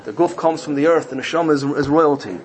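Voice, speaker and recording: A man delivers a sermon built around a parable, in a fairly high voice. He tells the story with animation, jumping up in pitch to act out the people in it. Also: fast talker, rough recording. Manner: animated storytelling, voicing characters with big pitch jumps. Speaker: rabbi.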